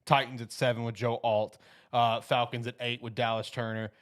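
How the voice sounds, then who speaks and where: A man's voice: medium pitch, level tone, moderate pace. A man hosting a casual podcast, rambling and laughing often as he runs a mock draft. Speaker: host running a mock draft.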